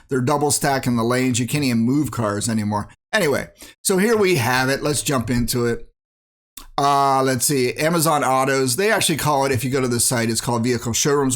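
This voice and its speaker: A man's voice: medium pitch, a bit bright. A man from the United States, a vlogger ranting bluntly and casually about car dealers and pricing. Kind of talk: casual rant to camera.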